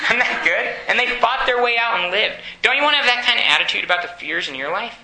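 Bright-voiced man preaching in an echoey room. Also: a little high, normal speed. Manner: earnest, exhorting, asks the audience questions. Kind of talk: sermon.

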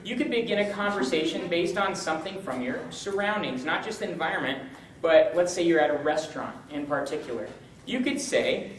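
A young man gives a lively, joking teaching talk to a college group. His voice sits a little high and comes from some distance off the mic. The room is echoey with a faint background hum. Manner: upbeat, joking, animated. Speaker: campus ministry speaker.

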